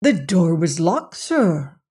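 Narrator doing a frightened, shaky manservant. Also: male voice, fairly high pitch, sing-song, a little mellow, breathy edge, full character voice. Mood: nervous. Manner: anxious, halting, rising voice. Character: frightened male servant, shaky and nervous. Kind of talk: audiobook reading of a mystery novel.

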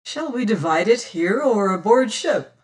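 A reader voicing a shrewd, whimsical old sea rover who speaks in archaic seafaring talk and sometimes drops to a hush, heard from a distant mic. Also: medium pitch, expressive, measured pace, pitched above the performer's own voice, lightly acted. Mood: hearty. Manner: archaic seafaring speech, hushed at times. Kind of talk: audiobook character reading.

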